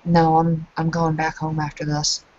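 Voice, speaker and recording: A bashful young man, soft-spoken and apologetic, hesitating over every refusal, as a woman game master plays him. The voice sits on the lower side and the recording is muffled and lo-fi. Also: monotone, moderate pace, natural voice. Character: shy polite young man turning down a request.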